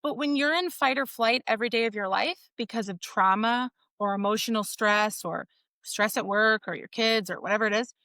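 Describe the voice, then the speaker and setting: A woman physical therapist, a guest on an interview show, explaining her work in casual, animated talk full of "like" and "right?". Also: a little high, fairly quick, no echo. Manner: animated storytelling, frequent "like" and "right?".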